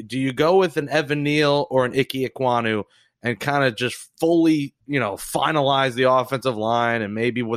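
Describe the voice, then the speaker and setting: A man hosting a sports podcast, talking in a chatty, joking way with quick asides. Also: medium pitch, no room sound, studio quality. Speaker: podcast host. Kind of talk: casual sports podcast chat.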